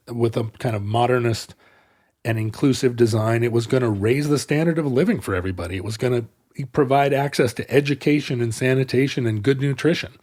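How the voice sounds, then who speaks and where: With a medium-pitched, slightly mellow voice, a man co-hosting a podcast chats casually, explaining history at great length in a winding manner.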